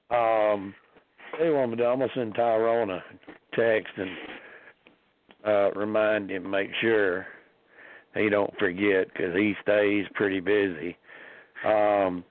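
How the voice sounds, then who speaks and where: A hoarse man with a sinus infection, hosting a casual call-in podcast and rambling with many ums and restarts. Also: lowish voice, level tone, moderate pace, no room sound. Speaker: podcast host. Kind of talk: casual call-in show chat. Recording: tinny phone-line audio.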